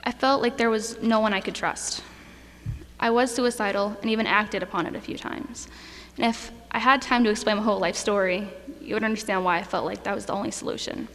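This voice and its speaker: A woman's voice: medium pitch, fairly even intonation, brisk, a bit bright. A young woman, a graduating student, giving a heartfelt speech and fighting back tears at a school ceremony. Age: young adult. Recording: echoey hall, faint noise.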